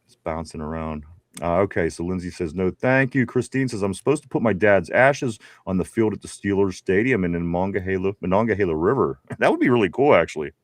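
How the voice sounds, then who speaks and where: A man's voice: low voice, animated, brisk, dry recording, clean studio sound. A man with a Pittsburgh accent co-hosting a casual live sports show, laughing and rambling as he reads out viewer messages. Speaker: podcast co-host. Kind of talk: casual live-stream chat.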